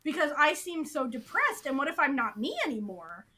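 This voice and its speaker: A woman's voice: sits high, sing-song, moderate pace, pushed and bright, heavily acted. A woman voicing a bubbly, self-assured young female drama heroine who gushes breezily about herself. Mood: boastful. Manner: breezy, gushing self-praise.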